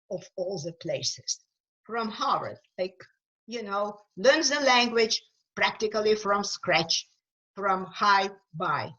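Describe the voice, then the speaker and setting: A woman with a Ukrainian accent speaks unhurriedly in a webinar and answers questions with earnest emphasis. She fills her pauses with "um" and "you know". The sound is muffled and lo-fi, as on a video call. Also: medium pitch, pushed and bright. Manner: earnest, emphatic, with frequent fillers. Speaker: guest speaker, author.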